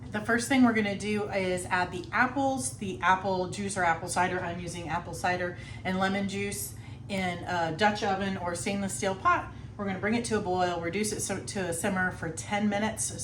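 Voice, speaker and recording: A woman's voice: mid-range voice, a bit bright, a little hiss or hum. Chatty woman showing kitchen work. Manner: chatty, laughs often, talks while snacking. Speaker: homestead vlogger. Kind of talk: casual cooking demonstration. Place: home kitchen.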